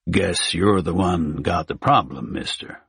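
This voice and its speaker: A man doing a slow, menacing hitman with a Mississippi drawl. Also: creaky, slightly rough, no room sound, clean studio sound, full character voice. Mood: dismissive. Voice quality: deep, slow, deliberate. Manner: curt, flatly threatening. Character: menacing American hitman, deep and strong.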